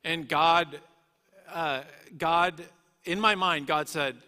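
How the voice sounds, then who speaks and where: A man's voice: a little high, slow pace, sharp tone. A man giving an earnest, emotional personal testimony, often restarting his sentences as he tells his story. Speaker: guest speaker. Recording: echoey hall reverb.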